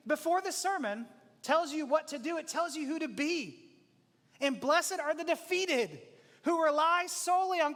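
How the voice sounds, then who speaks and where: A man preaching a sermon as pastor, in a conversational, animated way with frequent laughs and acted-out quotes. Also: extremely high pitch, long reverb tail. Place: church auditorium.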